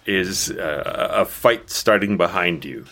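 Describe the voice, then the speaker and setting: Low-voiced male game master. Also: takes it slowly, pushed and bright. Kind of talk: narrating a tabletop game.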